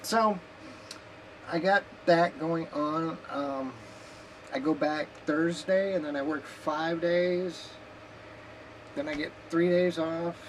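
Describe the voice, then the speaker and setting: A woman's voice: low voice, fairly even intonation, takes it slowly, pauses often. A woman vlogging in a casual, rambling, joking way from her home kitchen, sometimes talking while eating. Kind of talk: casual chat. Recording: noisy background hiss.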